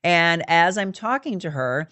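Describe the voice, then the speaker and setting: A woman hosting a faith-based talk show, telling a story with animated, acted-out dialogue. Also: on the low side, measured pace, no room sound. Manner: animated, acts out quoted dialogue. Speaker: show host.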